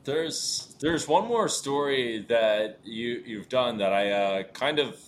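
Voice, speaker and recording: A man interviewing a guest in a casual chat, speaking haltingly and hesitantly. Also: mid-range voice, lively intonation. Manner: hesitant, halting, full of restarts. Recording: faint background noise.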